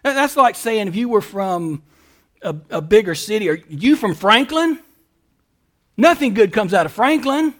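A man's voice: high-pitched, lively intonation, normal speed. A man pastor preaching a sermon, building emphatic lists and rhetorical questions.

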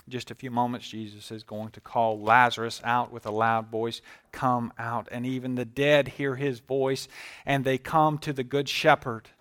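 A pastor preaching and reading scripture, who swings from hushed to loud and emphatic and slows right down on key words. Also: male voice, medium pitch, flat delivery.

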